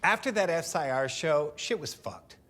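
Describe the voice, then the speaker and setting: A man interviewed for a documentary, telling stories in a lively, profane way and acting out what others said. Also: a little high, normal speed. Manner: lively, profane storyteller who acts out quotes. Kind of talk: animated anecdote storytelling.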